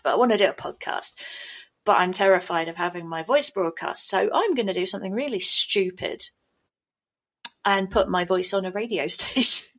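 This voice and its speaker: A woman with a mid-range voice hosts a podcast in easy, casual chat. She talks in a self-mocking, talkative way, piling up quick asides. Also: medium pitch. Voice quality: chatty, self-mocking, laughs easily. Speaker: podcast host.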